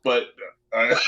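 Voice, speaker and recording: Brief: excitable man recapping a game session, bright and edgy tone, dull roomy audio. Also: mid-range voice. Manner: rambling, laughs often, excitable. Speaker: player. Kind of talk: casual post-session recap.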